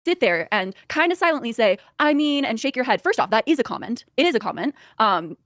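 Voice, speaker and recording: A woman's voice: on the high side, sing-song, a little fast, a bit bright, dry recording, studio quality. A woman in a podcast discussion who talks hesitantly, with many fillers, restarts and nervous laughs.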